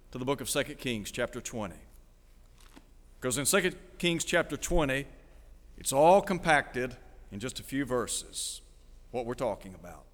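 A man's voice: mid-range voice, long reverb tail. A man preaching a sermon, reading scripture and putting questions to his listeners. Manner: asks the listeners rhetorical questions.

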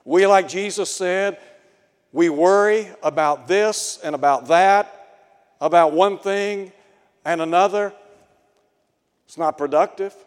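A man's voice: high voice, takes it slowly, long pauses, clean tone. A man preaching a sermon in an earnest way, asking his listeners rhetorical questions. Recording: long hall reverb.

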